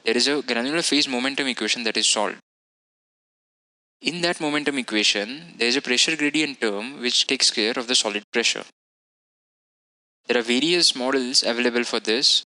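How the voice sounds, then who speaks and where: A man with a very bright, forceful tone walks through a technical lecture step by step. His delivery is methodical and explanatory, and he stops now and then to fix a word. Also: medium pitch, low-quality recording. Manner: methodical, explanatory, self-correcting. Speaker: instructor.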